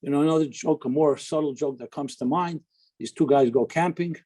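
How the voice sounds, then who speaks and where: Mellow husky-voiced rabbi telling stories. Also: male voice, on the high side, a little fast, low-quality recording. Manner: chatty, digressive storyteller with humor. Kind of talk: informal talk with anecdotes.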